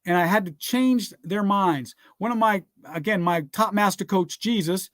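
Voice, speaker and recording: A man's voice: high voice, normal speed, a bit bright, dry recording, studio quality. A man giving a motivational business talk laced with scripture, speaking emphatically like a preacher, throwing out rhetorical questions and urging listeners to write things down. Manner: repeats rhetorical "guess what?" and "all right?".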